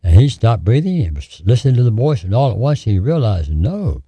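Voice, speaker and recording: A man's voice: lowish voice, sing-song, a little fast, dark tone, husky, no room sound. A man preaching a sermon in an emphatic, repetitive, fervent way.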